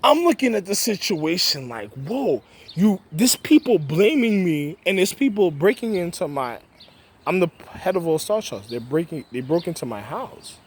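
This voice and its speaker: Man, agitated rambling rant, husky voice, pitch jumping all over. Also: sing-song, normal speed. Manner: agitated, repetitive, swearing, quoting himself in raised voice. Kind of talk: rambling monologue to camera.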